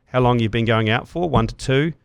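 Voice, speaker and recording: A man's voice: medium pitch, a little fast, gravelly, clear, resonant tone, dry recording. A middle-aged man with a New Zealand accent hosting a podcast in crude, casual banter. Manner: laid-back, crude, chatty, frequent "yep". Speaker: podcast host.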